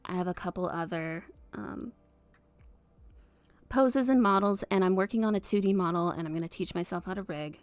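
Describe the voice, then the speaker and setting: A woman in her thirties from the US Midwest, chatting casually on a live stream in a soft, hesitant way with many fillers and giggles. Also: on the low side, normal speed, dry recording.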